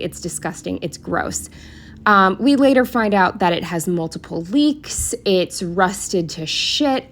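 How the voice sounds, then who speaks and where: A woman's voice: lowish voice, a bit bright. Exasperated young woman, swearing rant. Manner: exasperated, swears a lot, rambling venting. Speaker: planner vlogger. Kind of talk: casual storytime rant.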